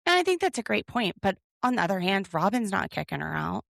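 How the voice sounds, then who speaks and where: A woman's voice: mid-range voice, big pitch swings, fast talker, creaky, a bit bright, no room sound, clean studio sound. A woman co-hosting a podcast, recapping a reality show in an opinionated, sarcastic way. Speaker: podcast co-host. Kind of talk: casual recap chat.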